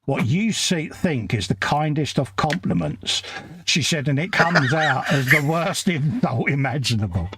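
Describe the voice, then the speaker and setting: A man's voice: a little high, animated, unhurried, heavy background noise. A middle-aged English man co-hosting a casual live stream, a blunt storyteller who acts out the exchanges he quotes. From England. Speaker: co-host.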